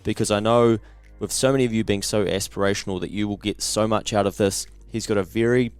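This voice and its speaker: A man's voice: on the low side, fairly even intonation, fairly quick, smooth, no room sound. A man with a New Zealand accent hosting a podcast, upbeat, blokey and enthusiastic. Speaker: podcast host. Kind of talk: podcast interview.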